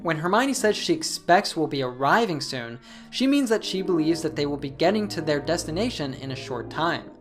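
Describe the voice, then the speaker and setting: A woman narrating a scripted English lesson, explaining phrases clearly. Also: sits low, lively intonation, normal speed, few pauses, soft background music. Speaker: English teacher.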